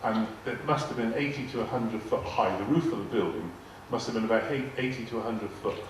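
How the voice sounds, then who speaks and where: With a lowish voice and a brisk pace, this older man entertains a live audience with wandering anecdotes, acting out quoted speech and repeating words often. It's a guest-speaker appearance in a large arts hall, captured from a distance with echo, faint noise and laughter from the crowd.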